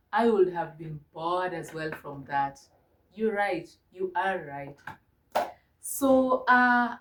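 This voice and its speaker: Slow, gentle woman teacher in an echoey room. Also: medium pitch. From Kenya. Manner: slow, gentle, encouraging, spells words out. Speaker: online ESL teacher. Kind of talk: mock demo lesson to an imagined child.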